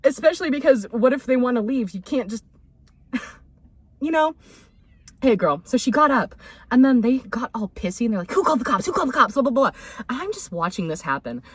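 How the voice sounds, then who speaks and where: A woman's voice: fairly high pitch, brisk, long pauses, husky, no room sound. A young woman co-hosting a casual chat, telling a workplace story with acted-out quotes and laughter. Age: young adult. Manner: animated, acts out quotes with laughter. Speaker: podcast co-host.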